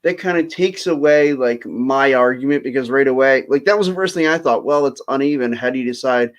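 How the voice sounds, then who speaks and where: This sports chat host, a self-described draft geek keen on football, keeps things easygoing while hesitating with fillers. He talks fairly quickly in a mid-range voice.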